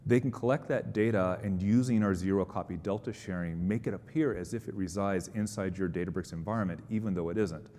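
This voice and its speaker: A man's voice: a little fast, few pauses, dark tone. A man presenting at a conference, answering audience questions in an upbeat, explanatory, conversational way. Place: conference hall. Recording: long hall reverb, faint rumble.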